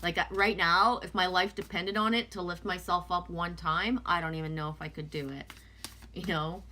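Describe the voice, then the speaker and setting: A woman's voice: fairly low pitch, fairly even intonation, normal speed, sharp tone. A woman whose first language is French, casually chatting with viewers and reading oracle cards aloud in a live stream. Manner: chatty, loose, talks back to viewers' comments. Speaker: oracle card reader.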